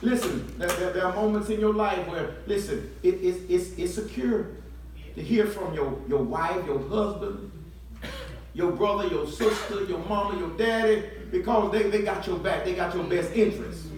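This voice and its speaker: Shouting preacher in an echoey church. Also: male voice, high-pitched, moderate pace, distant mic, slight background noise. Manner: call-and-response preaching, swells into shouts. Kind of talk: sermon. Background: congregation responding.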